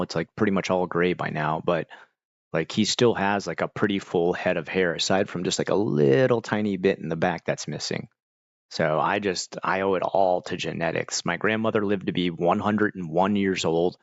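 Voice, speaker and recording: A middle-aged man talks casually to his live-stream viewers, rambling and relaxed, dropping "dude" and "like" constantly. His voice sits low with a gravelly fry. The sound is dry and a little dull, as from a lo-fi mic. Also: no echo. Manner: rambling, laid-back, heavy use of "like" and "dude".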